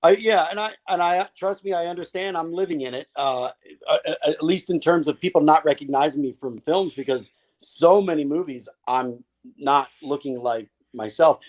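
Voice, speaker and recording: A man hosting a relaxed podcast conversation. He mostly chimes in with short agreements before speaking at more length. His voice sits slightly high. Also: moderate pace. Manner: brief agreeing replies. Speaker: podcast host. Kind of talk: casual podcast chat.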